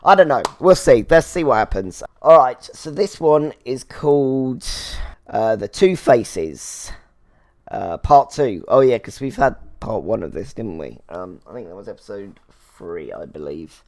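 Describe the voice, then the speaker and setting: A man's voice: fairly low pitch, animated, unhurried, a little mellow. A man hosting a reaction video, chatting casually and rambling with many fillers. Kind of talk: casual chat before a reaction.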